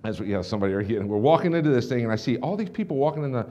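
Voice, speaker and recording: Fast-talking animated man on stage. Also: mid-range voice, dull audio. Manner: animated, acts out dialogue with restarts and asides. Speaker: motivational speaker presenting to a business audience. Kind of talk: energetic storytelling keynote. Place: conference stage before a large audience.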